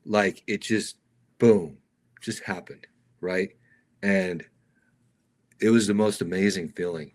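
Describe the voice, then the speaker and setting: A middle-aged man, a stuntman guest, telling stories casually with animated energy, slipping into raised voices for other people and calling the host "dude". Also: low-pitched, takes it slowly, long pauses. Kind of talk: casual storytelling interview.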